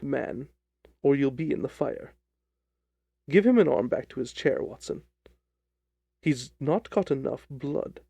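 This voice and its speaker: A man voicing a calm, confident detective who speaks in a measured, dryly ironic way in an audiobook reading of a detective story. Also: mid-range voice, gravelly, husky, no echo, full character voice. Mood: commanding.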